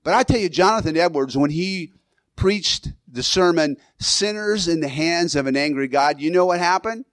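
A man's voice: a little high, normal speed, no echo. A man preaching a sermon as pastor in a church, in a loose conversational way with restarts and the odd chuckle.

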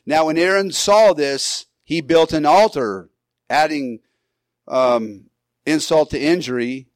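A male pastor preaching a sermon, animated, acting out Bible figures in quick asides. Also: a little high, no echo.

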